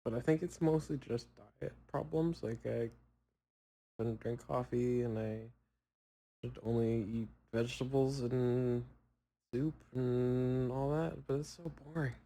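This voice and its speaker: On a podcast, a young man chats loosely to himself in a relaxed solo style, wandering from one thought to the next and mocking himself along the way. His medium-pitched voice is mellow and dark, long pauses are left in, and the audio quality is poor.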